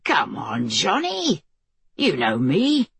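A woman voicing a brutal, abusive husband who alternates between coaxing and taunting, speaking low. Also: wildly swooping pitch, takes it slowly, fairly bright tone, husky, dry recording, exaggerated voice. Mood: pleading. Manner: coaxing, entitled, low-voiced.

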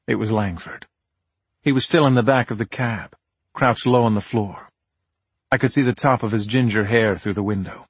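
A man reads a crime story in the first person, steady and tense. His voice is husky and sounds close and dry, with no room echo. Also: fairly low pitch, measured pace, long pauses. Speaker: audiobook narrator. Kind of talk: first-person audiobook narration.

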